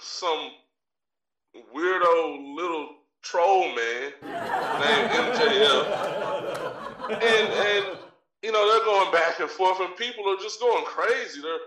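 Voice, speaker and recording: A man's voice: on the high side, takes it slowly, long pauses, sharp tone, recorded from a distance. A man ranting in profane, trash-talking commentary as a podcast co-host, often stumbling over and repeating his words. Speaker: podcast co-host with a wrestling segment. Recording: echoey room, voice off-mic.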